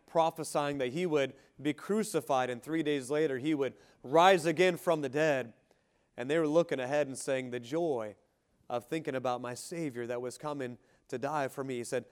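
A man preaching a sermon with fervor, calling for amens, swinging from rising shouts to quiet, slowed lines. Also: mid-range voice. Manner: fervent preaching, rising shouts and quiet drops, asks congregation for amen. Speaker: pastor.

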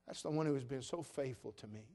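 A man's voice: medium pitch, fast, warm tone. A man preaching a sermon as pastor, telling folksy stories in an earnest, plain-spoken way. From Cherokee. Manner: folksy, earnest, acts out quoted voices. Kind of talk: sermon with storytelling.

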